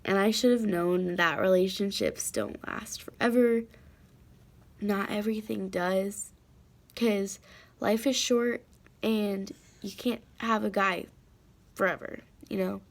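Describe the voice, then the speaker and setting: A teenage girl vlogs from home in a rambling, heartfelt way, circling back with fillers and restarts. Her voice carries a noticeable gravelly fry, sitting at an ordinary pitch for a young woman. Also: takes it slowly. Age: teens. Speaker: vlogger. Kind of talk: casual confessional chat to camera.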